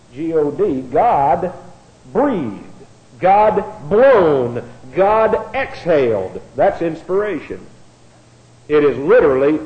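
A man lectures a bible class in a slightly high voice. He spells key words out letter by letter and circles back over his points. The recording is roomy and echoey with a dull, muffled sound. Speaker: bible teacher.

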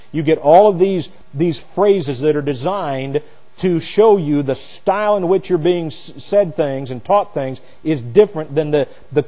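A man teaching a sermon verse by verse, booming on key phrases and dropping low for asides and stories. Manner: swings from loud emphatic preaching to quiet asides; explains Greek words, tells anecdotes. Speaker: preacher. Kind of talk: expository Bible teaching. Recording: long hall reverb.

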